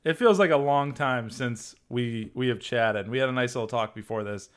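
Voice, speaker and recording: A man in his thirties with a Massachusetts accent, a podcast guest on a video call who tells loose, animated stories and swears freely. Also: mid-range voice, normal speed, clear, resonant tone. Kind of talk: casual podcast chat.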